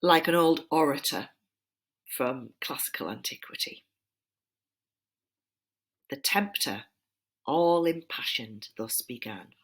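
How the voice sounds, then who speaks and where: A woman's voice: deep voice, lively intonation, slow, long pauses. A woman teacher giving a recorded lesson, chatty and informal with asides. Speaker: literature teacher.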